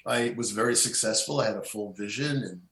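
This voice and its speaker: A man's voice: lowish voice, a bit bright. Rambling man in an echoey room. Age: middle-aged. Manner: rambling, halting with many restarts and fillers. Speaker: guest. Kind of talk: casual conversation.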